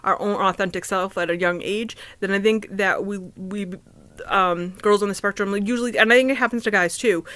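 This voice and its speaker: A woman talking casually to the camera alone in her apartment, halting, with many restarts and fillers. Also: medium pitch, steady tone, a bit bright. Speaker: vlogger. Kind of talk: casual personal talk to camera.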